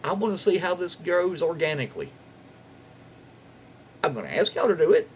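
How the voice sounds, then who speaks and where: A man's voice: fairly high pitch, big pitch swings, normal speed, dull audio, slight background noise. A man reading Reddit stories aloud as a YouTube host, casually breaking off for folksy, wry asides and jokes he censors himself. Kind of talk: casual story reading with commentary.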